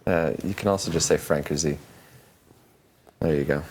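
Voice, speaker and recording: A man's voice: a bass voice, steady tone, moderate pace, darkish tone, a little hiss or hum. A man hosting a casual live-stream Q&A, reading out viewer questions in a chatty, joking way. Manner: chatty, jokey, reads questions aloud.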